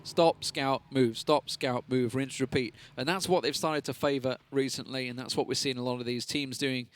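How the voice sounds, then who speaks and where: A man giving live play-by-play commentary on an esports match, excitable and quick to jump up in pitch at big plays. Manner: excitable, rises sharply in big moments, stammers on restarts. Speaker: esports caster.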